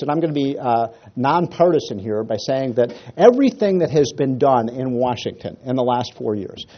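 A man's voice: medium pitch, lo-fi sound. A man giving a speech to an audience, telling a funny story with many fillers and restarts. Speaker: speaker. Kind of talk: after-dinner speech.

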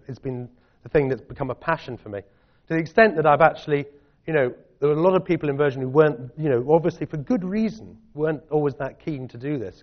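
A middle-aged Scottish man answering audience questions in a chatty, self-deprecating way. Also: mid-range voice. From Scotland. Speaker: guest speaker. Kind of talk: public talk and Q&A. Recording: dull lo-fi audio.

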